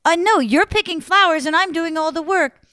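A woman's voice: animated, normal speed, dry recording, studio quality. Woman doing a stammering nervous prince. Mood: exasperated. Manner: high, loud, stammering.

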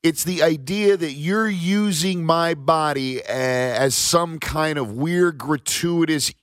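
A man hosting a radio show, talking in loose, profane, animated banter with his co-hosts. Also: a little high, slow pace, no room sound, studio quality. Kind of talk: casual studio banter.

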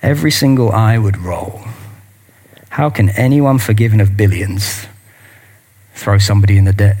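Earnest preacher, low voice. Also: male voice, normal speed, long pauses, darkish tone. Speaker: pastor. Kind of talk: sermon and closing prayer.

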